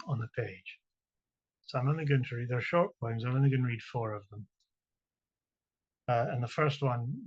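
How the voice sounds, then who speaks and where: A Scottish poet with a husky, mid-range voice reads his verse, adding spoken introductions. He halts and repeats words while explaining, then delivers the poems in a slow, chant-like way. The recording is dull and lo-fi.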